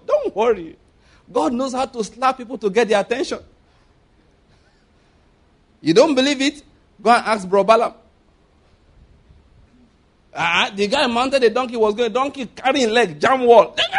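A man preaching a sermon, lively and laughing often as he acts out voices. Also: high voice, moderate pace, long pauses.

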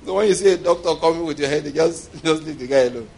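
A man's voice: fairly high pitch, fast, a little mellow, slight background noise. Humorous preacher man with call-and-response. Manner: humorous, call-and-response with congregation, laughing often. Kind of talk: sermon.

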